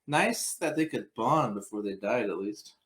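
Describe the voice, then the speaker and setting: A man's voice: on the low side, lively intonation, moderate pace, a bit bright. A man co-hosting a casual movie podcast, blunt and opinionated, with a lot of ums. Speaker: podcast co-host.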